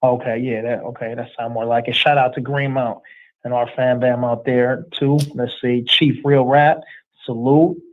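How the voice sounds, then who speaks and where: A man hosting a livestream in a casual chat, reading out viewer shout-outs in relaxed street slang. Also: mid-range voice, normal speed. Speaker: livestream host. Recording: tinny phone-like sound.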